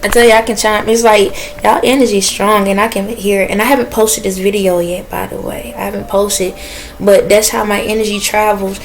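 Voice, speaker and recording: A woman's voice: medium pitch, flat delivery, a little hiss or hum. Rambling woman in a casual spiritual vlog. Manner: rambling, pausing to listen, chatty with viewers. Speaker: spiritual reader.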